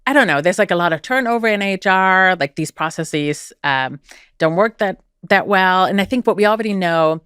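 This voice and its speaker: Smooth-voiced woman researcher. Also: medium pitch, animated, moderate pace, fairly bright tone, no room sound, clean studio sound. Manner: thoughtful, many fillers. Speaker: researcher guest. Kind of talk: podcast interview.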